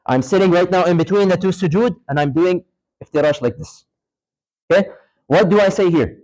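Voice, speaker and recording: Here a man speaks a bit fast in a high, somewhat mellow voice, with poor audio. He's a religious teacher lecturing informally in a mosque hall, quizzing his students, going back over points, and offering short Arabic phrases and recitations in a live demonstration.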